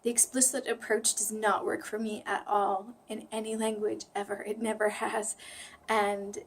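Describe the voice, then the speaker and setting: A woman vlogger with a plain, flat American accent talks casually to camera. She rambles and laughs at herself, now and then dropping into a half-whisper. Her pitch sits in an ordinary middle range. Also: moderate pace, a little hiss or hum. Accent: flat General American. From United States. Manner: chatty, rambling, self-deprecating, drifts into whispers. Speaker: language-learning vlogger.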